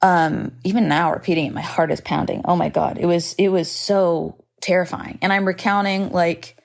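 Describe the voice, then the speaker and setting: Gravelly, low-voiced woman telling a story. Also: fairly even intonation, moderate pace. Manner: chatty, heavy on "like" fillers, swears freely; vivid, dramatic retelling. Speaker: podcast host. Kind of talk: casual storytelling monologue.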